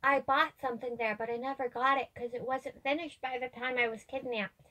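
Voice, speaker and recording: A woman playing a naive, childlike girl adventurer in a tabletop role-play, talking in an excitable, wheedling, pleading way. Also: high voice, brisk, slight background noise.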